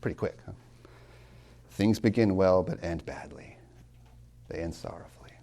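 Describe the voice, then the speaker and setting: A man teaching a class as a college tutor, emphatic, asking rhetorical questions and slowing down to stress key words. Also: low voice, vocal fry, mellow. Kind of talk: classroom lecture on poetry.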